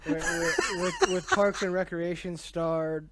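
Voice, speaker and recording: A man with a slightly higher voice in casual podcast chat, firing off wisecracks. He often stumbles and repeats words mid-sentence. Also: fairly even intonation, measured pace, heavy background noise. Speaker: podcast co-host.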